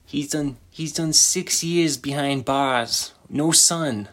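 A man's voice: on the high side, slow, fairly bright tone, voice pushed up. A man putting on the voice of a boastful Italian-American mobster, swaggering and repeating himself in street grammar. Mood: menacing. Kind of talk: improvised comic impression.

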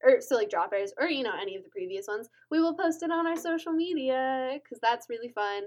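A woman's voice: sits high, lively intonation, a little fast, a little mellow. A woman co-hosting a casual podcast, upbeat and teasing as she reads the outro. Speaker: podcast co-host.

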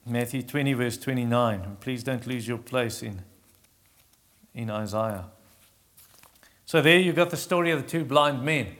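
A man preaching a sermon, retelling Bible stories and acting out the characters' pleas, with frequent restarts. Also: in a large hall. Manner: acts out Bible voices in a raised pitch, quiet and slow on comfort; halting restarts while teaching.

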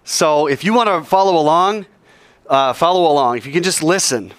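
A man preaching a sermon, telling a story with lively acted-out voices. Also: fairly high pitch, normal speed, no room sound. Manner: animated, acts out characters in his story. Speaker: pastor.

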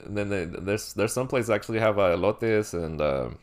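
A young man in a casual chat, laid back and profane, getting animated as he tells stories. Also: fairly low pitch, normal speed.

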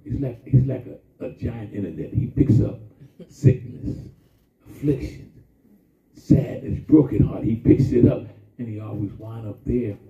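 A man preaching a sermon in a call-and-response style, drawing out his emphasis slowly and then rushing through asides. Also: lowish voice, vocal fry, warm tone. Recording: distant, echoey, phone-like sound from far off.

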